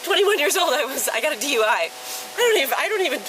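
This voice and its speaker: A woman's voice: high voice, very animated, quick pace. A middle-aged woman being questioned by police, rambling, tearful and defensive. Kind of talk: emotional conversation with police. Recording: police body camera with clear background noise.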